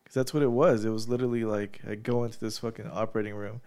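On the low side, smooth and a little mellow, his steady voice moves fast. He's a podcast co-host, congested after surgery, casually telling a story with free swearing and lots of laughter.

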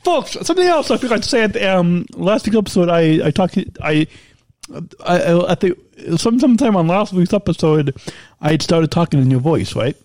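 Talkative male co-host, playful, very lively pitch, dry close sound. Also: fairly quick, dry recording. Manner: playful, teasing, stumbling restarts; energetic, talkative. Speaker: podcast co-host. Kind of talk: casual chat and ad reads.

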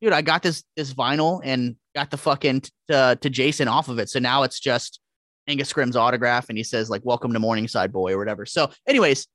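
A man telling animated, profanity-laced stories as a podcast guest in casual chat. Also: mid-range voice, fairly quick, dry recording, clean studio sound. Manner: profane, animated, acts out quotes.

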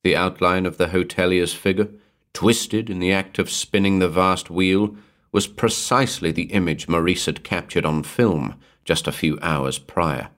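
A man reading a horror story aloud in a measured, atmospheric storytelling manner. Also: sits low, fairly bright tone. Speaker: narrator. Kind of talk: scripted horror narration.

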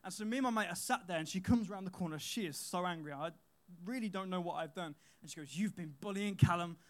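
A man's voice: high-pitched, quick pace. A young man, giving a casual youth sermon in a chatty storytelling manner with fillers and repeated phrases. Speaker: youth speaker.

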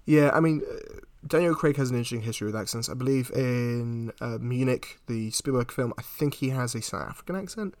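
A man talks through a film's plot in a loose, chatty way, often restarting his sentences. His voice sits at an everyday middle pitch. The recording is dry and close, with no room sound. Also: a little fast, darkish tone, dry recording. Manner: retells plot at length with many restarts. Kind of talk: casual film discussion.

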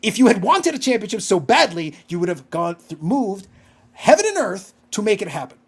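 A man's voice: high-pitched, big pitch swings, moderate pace, slightly rough. A man co-hosting a casual podcast chat, ranting with profanity and disbelief. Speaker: podcast co-host.

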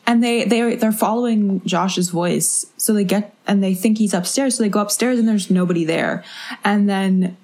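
A woman co-hosting a podcast, speaking from her basement. She retells a story in a loose, casual way with plenty of swearing, at an ordinary pitch. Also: normal speed, darkish tone. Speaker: podcast co-host. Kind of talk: casual chat.

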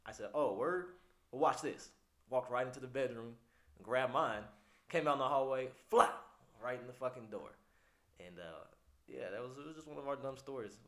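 A man's voice: medium pitch, brisk, reverberant. A man co-hosting a casual podcast, telling a rowdy story with lots of swearing and laughter. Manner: profane, laughing, animated storyteller. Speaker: podcast co-host.

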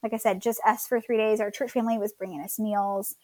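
A woman's voice: medium pitch, fairly even intonation, fast, darkish tone, dry recording. A woman in her thirties from Florida casually telling her birth story as a guest, chatty with many fillers.

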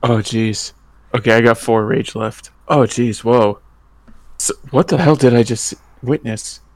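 A man's voice: medium pitch, a little slow, no echo. A man playing a tabletop game, talking casually and easily rattled. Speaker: player.

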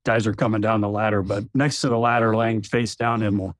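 A man, a retired general, telling a long anecdote with frequent chuckles in a relaxed podcast chat. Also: lowish voice, brisk, no echo. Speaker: retired general, former wing commander.

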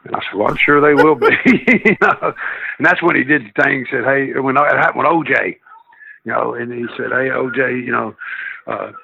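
A gravelly, husky-voiced man with a drawl tells his stories in a loose, rambling way, often doubling back mid-thought. He comes through a thin, tinny phone line. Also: mid-range voice, fairly quick, bright, forceful tone. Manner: rambling, circling back on himself. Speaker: guest, former wrestler. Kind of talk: casual interview storytelling.

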